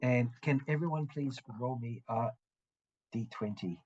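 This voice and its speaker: A man narrating a tabletop game as game master, halting and full of restarts. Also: medium pitch, a little mellow, breathy edge, muffled recording.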